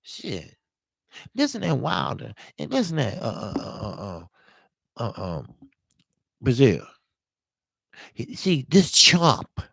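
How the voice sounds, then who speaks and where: A man hosting a live-streamed boxing talk show, hoarse from talking all day, giving blunt, emphatic and profane commentary while greeting viewers. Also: medium pitch, wildly swooping pitch, slow, long pauses, a bit bright, no room sound.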